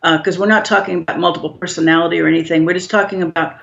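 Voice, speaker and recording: Calm woman explaining, dull lo-fi sound. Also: lowish voice, gravelly. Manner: calm, measured, gently instructive. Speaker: guest expert on healing shame. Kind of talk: explanatory interview answers. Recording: dull lo-fi audio.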